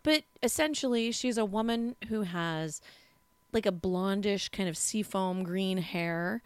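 A woman co-hosting a podcast in casual chat, talking in an expressive, chatty way with frequent restarts. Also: medium pitch, measured pace, smooth, no echo. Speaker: podcast co-host.

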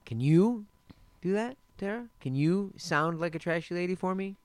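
A man's voice: high-pitched, lively intonation, moderate pace, dry recording. A man co-hosting a podcast, chatting casually and animatedly about films, repeating words as he gets going. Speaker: podcast co-host. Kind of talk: casual film chat.

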